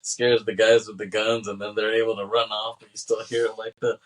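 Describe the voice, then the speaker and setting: A man with a fairly low voice co-hosts a film podcast in a loose, casual way. He laughs often as he recaps scenes, slipping into quick character voices along the way. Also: little pitch movement, low-quality recording. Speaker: podcast co-host. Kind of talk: casual film-discussion chat.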